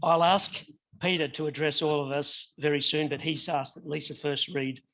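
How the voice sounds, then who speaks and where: A man's voice: fairly high pitch, steady tone, normal speed, fairly bright tone. A man acting as host, introducing the next reader and speaker in a plain tone.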